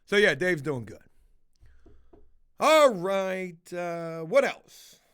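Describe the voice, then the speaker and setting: A man with a high-pitched voice chats loosely on a livestream and reacts to viewers' comments. He rambles from one gripe to the next and swears freely, with a blunt, unfiltered delivery. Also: very animated, drawn-out words, fairly bright tone, smooth. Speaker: livestream host reading chat. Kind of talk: casual livestream chat.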